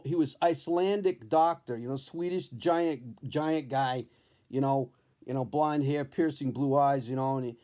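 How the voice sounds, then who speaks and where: A man who is a comedian, telling a personal story at home in a candid, profane, animated storytelling way. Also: fairly high pitch. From New Hampshire. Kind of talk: storytelling vlog. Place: his home, indoors.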